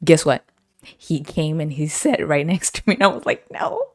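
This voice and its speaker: Young woman, podcast host, casual storytelling, laughs a lot, slightly low voice. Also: normal speed, dry recording. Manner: animated, laughs often, acts out quoted voices.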